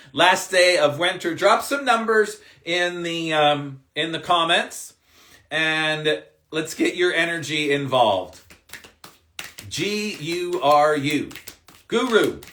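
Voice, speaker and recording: Male spiritual coach on a live stream, emphatic and upbeat, bright forceful voice. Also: a little high. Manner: upbeat, emphatic, swears casually. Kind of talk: live-stream card reading and pep talk.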